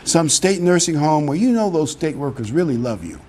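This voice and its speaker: A man's voice: fairly high pitch, very animated, normal speed, background noise. A middle-aged man preaching a sermon in a conversational way, with emphatic peaks. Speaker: pastor.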